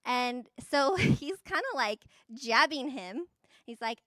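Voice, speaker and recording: A woman with a high voice teaches a Bible passage slowly and casually, chatting with fillers and tag questions and laughing lightly as she explains. Her voice sounds close and dry, with no room sound.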